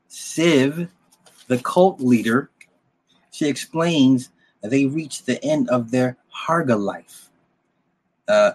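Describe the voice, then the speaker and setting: A man with a husky, slightly rough voice talks through a story recap in a casual, rambling way. He is blunt and drops the odd curse, often restarting his sentences and turning to the listener with quick asides. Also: mid-range voice. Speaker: film plot recapper.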